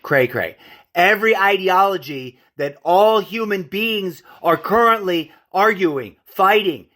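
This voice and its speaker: A man's voice: a little high, a bit bright. A man hosting a podcast in a solo monologue, ranting and digressing, often stopping to correct his own words and calling his listeners folks. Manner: addresses listeners as folks and friends. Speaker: podcast host.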